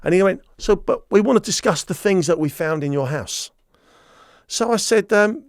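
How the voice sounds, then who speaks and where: A man with a high voice, speaking at a moderate pace, is a guest on a storytelling interview podcast. He tells his story with animation, acting out the dialogue, in a dry, studio-quality recording.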